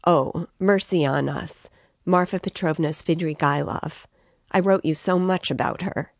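A woman's voice: fairly low pitch, dry recording, clean studio sound. A woman reading aloud as a timid, anxious middle-aged mother who speaks hurriedly. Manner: hurried, fretful.

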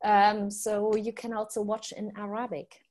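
A woman's voice: mid-range voice, monotone, measured pace, a little mellow. A woman with a German accent co-hosting a live conference stream, speaking with many hesitant fillers. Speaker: conference co-host. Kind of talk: casual live-stream chat.

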